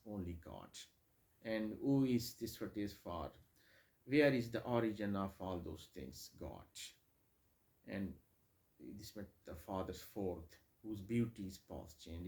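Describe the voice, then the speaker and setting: A man's voice: fairly low pitch, dark tone. A man giving a hesitant lecture on a poem, full of fillers and repeated phrases. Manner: hesitant, many fillers, repeats phrases, slips into Hindi asides. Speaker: English literature lecturer. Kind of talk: classroom lecture on poetry.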